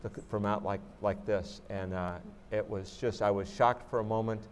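A man with a fairly low voice speaks thoughtfully to a museum audience, circling back and restarting as he searches for words. He answers questions as a guest astronaut, and a faint hiss sits under the recording. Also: steady tone, moderate pace. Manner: reflective, with many restarts and "you know". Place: museum auditorium.

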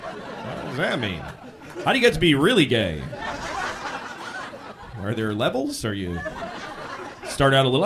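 A male comedian telling stories in a stand-up set, shouting out the lines of people he acts out. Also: medium pitch, normal speed, long pauses, noisy background. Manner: animated storytelling, shouting acted-out quotes. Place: comedy stage. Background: audience laughter.

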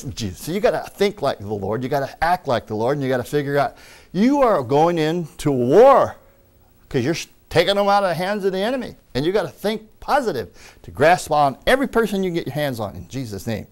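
A male preacher delivers an animated sermon in a slightly high voice that swoops up and down. He acts out quoted voices and breaks into laughter as he goes. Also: fairly quick. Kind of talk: lively sermon.

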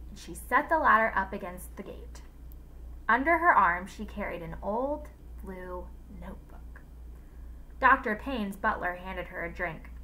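A woman teacher reading a storybook aloud in a lively, expressive way. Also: mid-range voice, low-quality recording.

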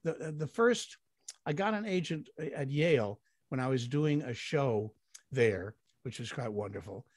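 A man's voice: mid-range voice, lively intonation, unhurried, no room sound, studio quality. Older man telling rambling anecdotes. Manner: rambling anecdotal storyteller, warm chuckles. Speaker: guest actor. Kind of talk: storytelling in an interview.

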